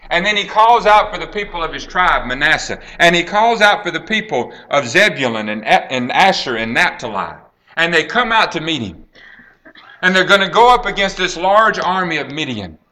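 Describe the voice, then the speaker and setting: A man preaching, retelling a Bible story with dramatic swings between hushed and raised delivery and acting out the quoted lines. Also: a little high, expressive, normal speed. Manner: dramatic storytelling, acts out quoted lines, drops to a hush then rises.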